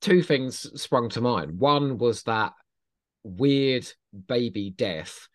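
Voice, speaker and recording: A man's voice: mid-range voice, animated, slow pace. A man hosting a podcast in casual chat, teasing his guest and laughing often. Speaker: podcast host.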